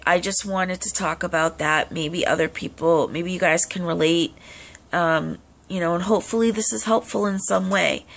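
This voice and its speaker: A woman's voice: lowish voice, a bit bright. A young adult woman talking casually to camera as a vlogger, earnest and full of "um" fillers. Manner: frequent "um" fillers, earnest advice.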